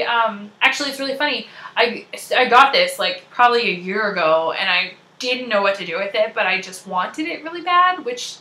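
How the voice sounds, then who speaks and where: Bubbly young Canadian woman, podcast host, high bright voice, echoey room. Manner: bubbly, chatty, giggly. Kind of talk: casual chat.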